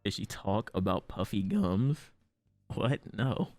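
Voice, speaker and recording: Animated profane young man streamer. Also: slow pace, no room sound, soft background music. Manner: animated, profane, laughing often, swings from loud outbursts to low mutters. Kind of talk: casual storytelling chat.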